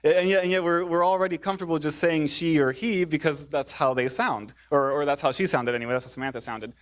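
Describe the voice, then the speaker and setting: A man's voice: fairly high pitch, fairly even intonation, fast talker. A man giving a public talk in a theater, hesitant, with many fillers and restarts. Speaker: speaker.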